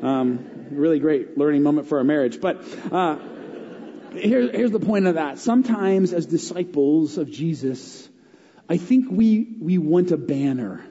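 A middle-aged man preaching a sermon as a pastor, telling stories and swinging between lively and hushed delivery. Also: on the high side, measured pace, breathy edge. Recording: dull, echoey hall.

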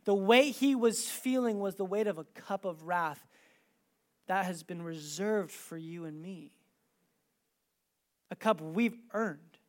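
A preacher giving a sermon and reading scripture aloud, dramatic in delivery, moving between loud, emphatic passages and hushed, quiet ones. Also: mid-range voice, takes it slowly, pauses often.

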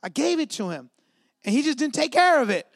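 High-voiced pastor preaching, dry sound. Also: male voice, fairly quick, creaky, no room sound. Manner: lively, conversational preaching with asides to the congregation. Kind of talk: sermon. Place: church.

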